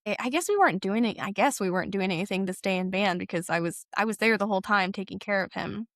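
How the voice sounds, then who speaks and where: A woman's voice: mid-range voice, a bit bright, no echo, clean studio sound. A young woman telling a personal story as a podcast guest, emotional and re-enacting dialogue with rising intensity. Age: young adult. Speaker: interview guest.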